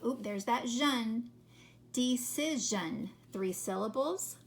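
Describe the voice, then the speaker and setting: A woman teacher leading a children's phonics lesson, slowly sounding out words and counting syllables. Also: a little high, animated. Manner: slow, carefully sounding out words.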